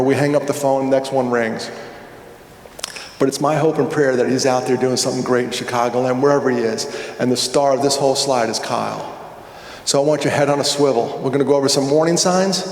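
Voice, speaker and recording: A middle-aged man giving a keynote talk at a conference, telling a story with lively energy and acting out both sides of phone calls. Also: medium pitch. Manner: animated, acts out phone dialogues. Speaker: conference speaker. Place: large hall. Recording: echoey hall with long reverb.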